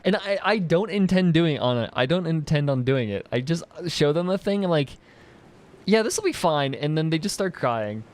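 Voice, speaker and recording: A man's voice: fairly high pitch, expressive, normal speed, few pauses. A young man streaming a game, chatting casually with his chat in a rambling way, laughing often and full of fillers and restarts. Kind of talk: casual chat while gaming, reading chat.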